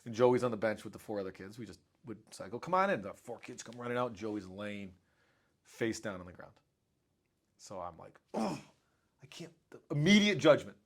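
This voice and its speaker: Middle-aged man, school principal guest; animated storyteller who voices the quotes himself. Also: fairly low pitch, a little fast. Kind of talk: casual storytelling conversation.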